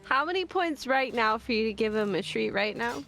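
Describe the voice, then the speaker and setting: A woman's voice: on the high side, animated, fairly quick, a bit bright, faint music behind. A woman co-streaming a game, chatting playfully and gushing. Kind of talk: casual live-stream chat.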